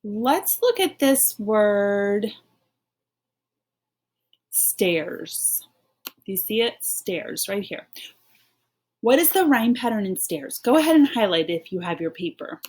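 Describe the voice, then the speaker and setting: A woman's voice: medium pitch, big pitch swings, slow, pauses often, darkish tone. A woman teaching an online phonics lesson, reading a poem aloud and guiding children through it in a patient, encouraging way.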